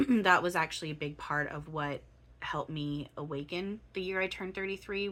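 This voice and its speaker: A woman in her thirties talks to her own camera in a loose, searching way, pausing often with ums as she looks for her words. Her voice sits very low and still sounds freshly woken. It comes across as an unscripted spiritual monologue. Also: pushed and bright. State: voice still waking up. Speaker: spiritual channeler.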